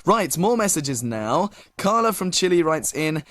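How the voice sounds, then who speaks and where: A man's voice: a little high, very animated, unhurried, fairly bright tone, no echo. A young British man as a radio DJ, reading listener messages in a polite, casual way with many fillers. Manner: polite, filler-heavy, many thank-yous.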